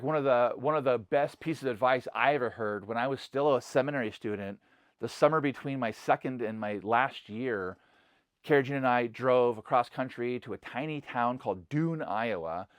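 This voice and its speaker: A middle-aged man, a pastor, speaks in an unscripted, conversational way, stringing thoughts together with "like" and "you know." His voice sits at an ordinary male pitch with an earnest, convinced tone. The recording is dry, with no room sound. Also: no echo. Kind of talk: casual spoken reflection to camera.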